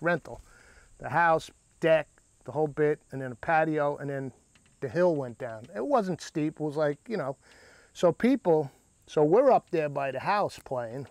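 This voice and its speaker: Rambling middle-aged storyteller, dry sound. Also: male voice, a little high, a little mellow, dry recording. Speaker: cooking vlog host. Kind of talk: casual storytelling chat.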